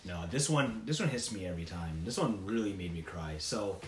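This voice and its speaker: A man in his thirties chatting casually, telling stories in a lively, laughing way. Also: low voice, brisk. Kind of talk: casual chat. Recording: echoey room with faint noise.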